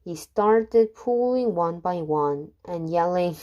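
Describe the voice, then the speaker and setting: A woman reading rhyming children's poems aloud, unhurried, now and then stumbling and restarting a word. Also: on the low side, lively intonation, muffled recording. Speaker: reader.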